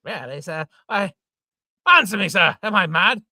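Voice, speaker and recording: A man's voice: medium pitch, huge pitch swings, moderate pace, creaky, husky, no room sound, clean studio sound, full character voice. A man doing a blustering, hot-tempered old father. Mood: indignant. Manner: sputtering oaths, exclaiming, shouting indignantly. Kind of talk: amateur reading of an old stage farce.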